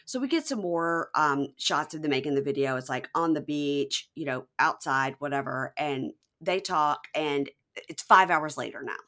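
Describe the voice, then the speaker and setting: Lively woman in her 40s gossiping on a podcast, lowish voice, does silly voices for the people she quotes. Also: normal speed. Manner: animated, acts out quotes in exaggerated voices. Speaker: podcast co-host. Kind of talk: casual chat recapping a reality show.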